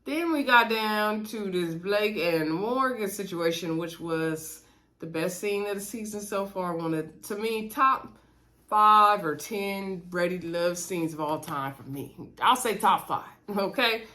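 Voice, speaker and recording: A woman recapping a reality dating show in a chatty, animated way, retelling scenes and talking to her viewers. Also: medium pitch, unhurried. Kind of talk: casual recap chat.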